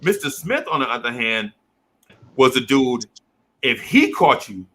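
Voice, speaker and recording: A middle-aged man recounts a childhood story in casual chat, packing it with heavy slang and acting out teachers and kids in quoted voices. His medium-pitched voice swings widely in pitch, sounding pushed and bright, yet he takes his time.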